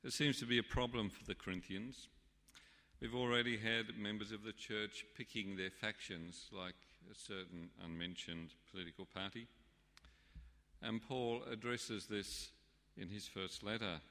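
Wry pastor preaching in a reverberant church. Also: male voice, lowish voice, unhurried, bright, forceful tone. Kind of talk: sermon.

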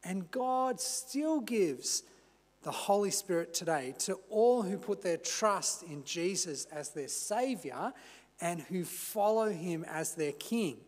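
A man preaching a sermon as pastor, measured and unhurried, with the odd casual aside. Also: high voice, expressive, darkish tone, in a large hall. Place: church.

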